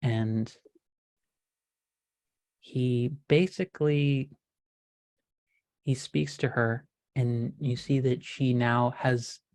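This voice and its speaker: A woman narrating a tabletop role-playing game as game master, describing scenes in a measured, descriptive way. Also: a bass voice, fairly even intonation, darkish tone.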